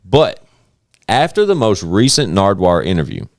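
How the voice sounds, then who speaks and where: Casting: low-pitched man, podcast host, swings his pitch a lot, swears freely, dry close mic. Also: moderate pace, no echo. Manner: animated, profane storytelling. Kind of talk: casual podcast chat.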